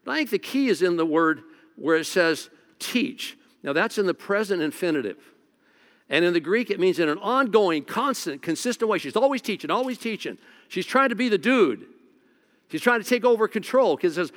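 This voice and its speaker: A lead pastor delivering a laid-back, joking sermon, his speech full of quick restarts. His voice sits a bit high for a man. Each phrase trails into the long reverb of a big church hall. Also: animated, a bit bright. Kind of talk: conversational sermon.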